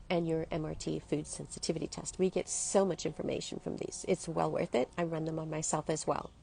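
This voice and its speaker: Addressing her listeners directly, a woman in her 50s who works as a health coach delivers an earnest, emotional pep talk. Her voice is low-leaning, gravelly, and mellow, with a bit of hiss or hum in the background.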